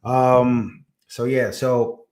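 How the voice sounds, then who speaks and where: A man speaks in casual livestream banter, his English carrying a Hispanic accent. His voice sits at an ordinary middle pitch. He laughs at himself and trips over long words as he reads. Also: level tone, extremely slow, a little mellow. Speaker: political livestream host.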